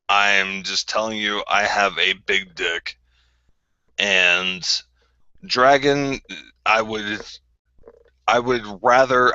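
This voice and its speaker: A man's voice: fairly low pitch, sharp tone, no echo, highs cut off. A man hosting a group call, bluntly and combatively calling someone out in a repetitive rant. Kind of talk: confrontational ranting callout.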